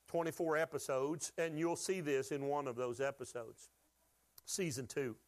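A man preaching a sermon to his church, folksy and joking, asking the congregation to call out answers. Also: on the high side. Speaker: pastor.

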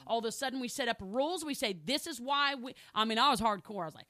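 A middle-aged woman pastor delivers a sermon in a bright, clear voice that sits a little high. She speaks candidly about her own life and hammers points home by repeating them. The sound is close and dry. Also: expressive, fast talker, hardly any pauses, no echo. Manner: emphatic, repeats phrases for stress; candid personal storytelling.

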